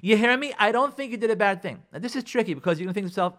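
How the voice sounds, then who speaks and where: A man's voice: high-pitched, lively intonation, very fast, fairly bright tone. A man hosting a radio advice show, delivering a preachy monologue that repeats points for emphasis and acts out spouses' lines. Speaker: radio host giving marriage advice.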